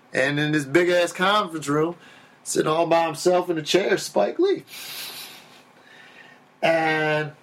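A man in a podcast spins a casual story and acts out every quoted line. His voice sits a little high and comes across bright and forceful. He swears freely as he goes. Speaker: podcast guest telling a story.

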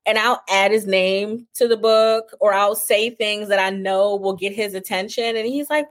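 A woman hosting a casual interview chat, talking in a relaxed, filler-heavy way with frequent laughs. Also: medium pitch, moderate pace, few pauses. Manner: chatty, warm filler-heavy talk with laughs. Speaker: host.

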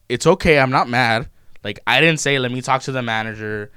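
A young man, telling stories in a loose, profane, animated way in casual chat. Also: mid-range voice, normal speed, clear, resonant tone, dry recording, clean studio sound. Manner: profane, animated retelling of customer-service run-ins.

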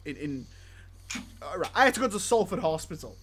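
A man's voice: on the high side, big pitch swings, fairly quick, fairly bright tone, a little hiss or hum. A man co-hosting a podcast, telling a story in casual chat with stammers and restarts. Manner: stammering, jokey, laughs through his lines. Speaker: podcast co-host.

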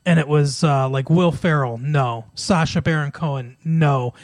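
A man's voice: a little high, a little slow, dry recording. A man co-hosting a podcast in casual chat, talking at length and often laughing as he retells scenes. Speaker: podcast co-host.

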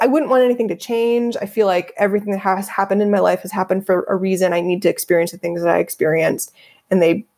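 A woman's voice: mid-range voice, darkish tone. A middle-aged woman who works as a feng shui practitioner, answering interview questions in an earnest, reflective way and laughing easily.

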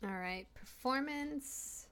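A woman playing a tabletop game, describing her character's actions in a relaxed, hesitant way. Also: high-pitched, slow pace. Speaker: player.

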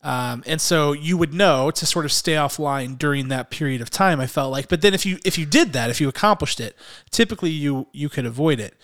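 A man's voice: fairly high pitch, animated, fairly quick, a bit bright. A man hosting a movie podcast in casual chat, rambling with lots of fillers. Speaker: podcast host.

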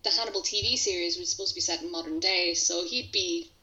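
A woman with a bright, sharp voice chats with enthusiasm as a podcast co-host. Her sound comes through a dull, lo-fi microphone that takes the edge off the top. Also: lowish voice, quick pace. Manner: enthusiastic and conversational. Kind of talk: casual film discussion.

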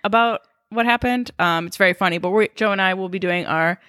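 Bright-voiced young woman telling stories. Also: mid-range voice, fairly quick, clean tone, no room sound, studio quality. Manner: animated, swearing, acts out quotes. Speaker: podcast co-host. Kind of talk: casual storytelling chat.

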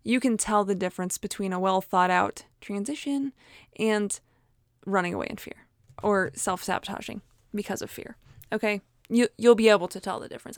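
A woman's voice: medium pitch, moderate pace, dry recording, clean studio sound. A woman giving a casual motivational talk in a chatty, encouraging way, laughing often and acting out inner voices. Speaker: motivational speaker.

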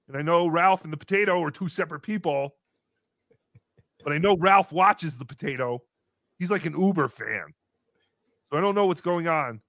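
A man hosting a comedy podcast, congested from a cold, talking in a loud, playful, crude way. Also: high-pitched, no echo, clean studio sound. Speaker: podcast host. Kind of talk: comedic livestream chat.

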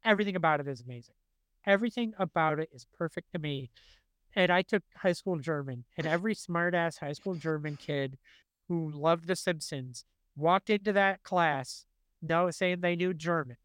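A man in his forties talks in relaxed podcast chat, his fairly high voice carrying a smooth, resonant tone. He gets animated and slips into funny voices to quote cartoon lines. The sound is dry and close. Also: normal speed, no echo. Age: 40s. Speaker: podcast co-host. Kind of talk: casual chat.

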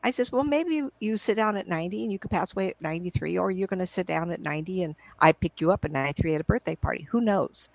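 A woman's voice: lowish voice, racing, vocal fry, hardly any pauses, darkish tone, no echo, low-quality recording. A middle-aged woman, a psychic medium, chatting through a video call in a rambling way and quoting her own past conversations. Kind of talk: casual storytelling in a live video interview. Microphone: computer video call.

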